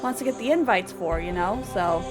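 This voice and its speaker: A woman putting on a petulant baron who whines about every posting he's handed. His grumbles come in a middling, everyday pitch, rambling and casual. Faint background music hums under the storytelling. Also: expressive, a little fast, lightly acted, low-quality recording. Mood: defensive. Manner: whiny, casual, full of "like". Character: whiny male baron who dodges work.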